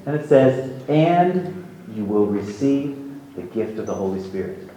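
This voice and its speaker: A man's voice: lowish voice, big pitch swings, unhurried, dark tone, a little hiss or hum. A male pastor preaching a sermon in a conversational way, with offhand asides and humor. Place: church sanctuary. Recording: very echoey hall, mic far off.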